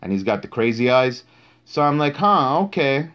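A man's voice: mid-range voice, a little fast, clean tone, highs cut off. A man hosting a live-streamed boxing talk show, speaking bluntly and cursing heavily for emphasis. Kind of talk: live-streamed casual commentary.

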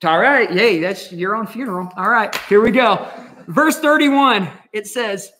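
A man's voice: sits high, measured pace, bright, forceful tone, roomy sound. A man leading a home Bible study as pastor, teaching verse by verse in a casual, slangy, conversational way.

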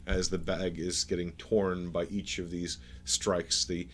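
Game master, male, very low voice, halting descriptive narration, faint hum behind. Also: little pitch movement, a bit bright.

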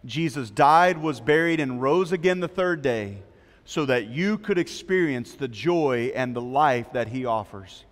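A man's voice: mid-range voice, lively intonation, unhurried. A man preaching a sermon as pastor, telling a story with quoted voices before an earnest appeal. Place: church sanctuary. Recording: long hall reverb.

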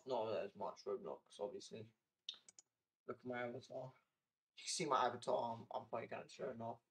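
A man's voice: medium pitch, fairly bright tone, low-quality recording. Young uk guy live streaming, rambly and jumpy, typing and clicking in the background. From United Kingdom. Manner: rambling, with lots of restarts and exclamations. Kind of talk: casual live-stream chat.

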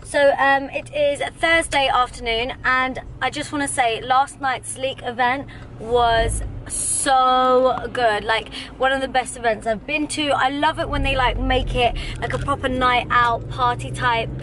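A woman's voice: high-pitched, fairly even intonation, moderate pace, few pauses, fairly bright tone, a little hiss or hum. A woman, chatting casually and rambling to camera in a vlog. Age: 20s. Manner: chatty and rambling, many fillers. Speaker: makeup vlogger. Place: out and about in London.

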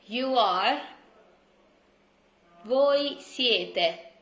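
A woman's voice: fairly high pitch, animated, very slow, a bit bright. A woman teaching a beginner language lesson, repeating words patiently and stressing each one. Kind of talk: slow, clear online language lesson.

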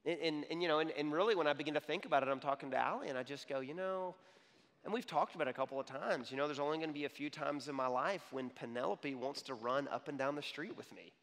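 Male pastor in his 30s, slightly high voice, lively talk-style sermon, hall reverb. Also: quick pace. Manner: animated, repeats "okay?" to the crowd. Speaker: young adults pastor. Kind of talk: conversational sermon.

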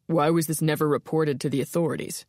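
A blunt, doubting male investigator, read by a woman narrator in a slightly lowered voice. He questions flatly and steadily, on a dry, close recording. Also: quick pace, no echo, lightly acted. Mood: skeptical. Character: skeptical male police investigator.

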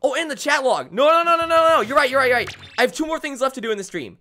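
A young man streaming a video game live, excitable and self-deprecating, talking to his chat as he plays. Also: very high-pitched, racing. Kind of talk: live gameplay commentary.

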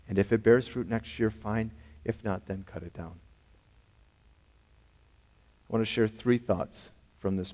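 A man's voice: fairly low pitch, dark tone. A man preaching a sermon as a pastor, emphatic and conversational, often asking the congregation rhetorical questions. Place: church sanctuary. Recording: long hall reverb.

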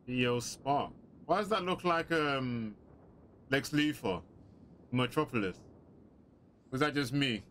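A man giving chatty, excitable let's-play commentary with joking asides. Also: medium pitch, slow, pauses often, slight background noise. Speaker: gaming commentator.

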